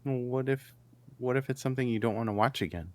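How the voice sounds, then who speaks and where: A man's voice: mid-range voice, fast talker, a little mellow, no echo. A man co-hosting a live stream, chatting casually and teasing his co-host with playful jokes. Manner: playful, teasing, drops into silly sing-song.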